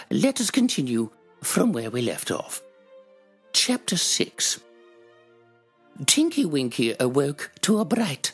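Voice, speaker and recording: Performer imitating an elderly dame, stately, husky, slow, lively pitch, faint music. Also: heavily acted. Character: elderly grand English dame reading her own fiction.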